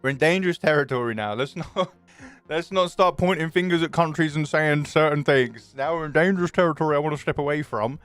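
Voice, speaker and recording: A man's voice: on the high side, a bit bright, clean tone, soft background music. A young man, chatting casually and jokingly with his stream viewers, swearing freely. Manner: chatty, jokey, quick to swear.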